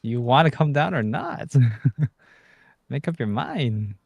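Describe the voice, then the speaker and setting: A man's voice: mid-range voice, expressive, slow pace, creaky, husky, no echo. A man hosting a casual trading livestream, joking and humming to himself between comments on the market. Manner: joking, mumbled asides and hums. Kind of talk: casual chat over live trades.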